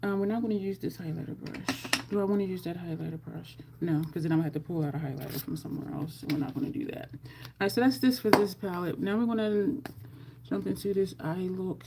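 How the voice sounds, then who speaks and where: Woman, makeup vlogger, rambling chat, gravelly voice. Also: fairly low pitch, fast, very noisy. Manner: chatty, rambling asides. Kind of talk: casual makeup tutorial chat.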